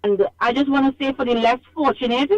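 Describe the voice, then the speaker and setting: Fairly quick and high-voiced, a Trinidadian caller rings into a radio show over the phone. She delivers an animated complaint, scolding hard and saying things twice for emphasis.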